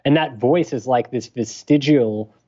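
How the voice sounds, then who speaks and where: A man, a physician and podcast guest, explaining a breathing technique in a measured, thoughtful way. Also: medium pitch, dark tone, muffled recording. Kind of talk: explanatory interview talk.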